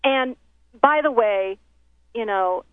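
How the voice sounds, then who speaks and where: Speaking slowly in a fairly high, clear, resonant voice, a documentary filmmaker tells a professional story in a casual chat. She brings the people she quotes to life, with many back-and-forth exchanges and restarts. The sound is dry, with no room echo, and comes through a thin, tinny phone line.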